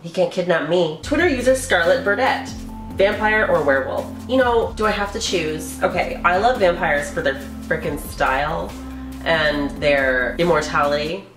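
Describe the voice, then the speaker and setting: A woman's voice: fairly low pitch, moderate pace, roomy sound, over music. A woman vlogger answering viewer questions in a casual, candid way, often swearing and laughing, from her living room. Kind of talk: casual Q&A chat.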